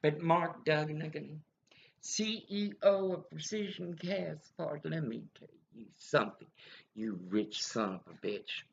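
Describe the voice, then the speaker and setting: A woman delivers an unhurried, rambling rant full of bitter accusations. Her voice is rough and gravelly. The dull, lo-fi recording flattens the sound. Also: low-pitched, slight background noise. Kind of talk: angry ranting monologue.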